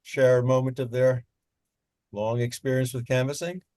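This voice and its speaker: Halting male moderator, plain mid voice, dry mic. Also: mid-range voice, flat delivery, darkish tone, no room sound. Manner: halting, many fillers. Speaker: panel moderator. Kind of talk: casual online panel talk.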